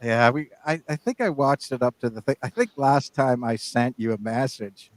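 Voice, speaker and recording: A man's voice: medium pitch, moderate pace, no echo. Male podcast co-host, rambling and jokey, mid-range voice, dry close-miked sound. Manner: rambling, restarts and trails off, jokey. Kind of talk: casual banter.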